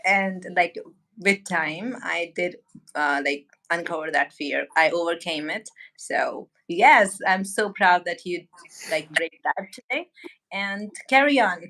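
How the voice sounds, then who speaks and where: Slow, bright-voiced giggly woman. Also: fairly low pitch. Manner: giggly, many filler words. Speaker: guest. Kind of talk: casual livestream chat.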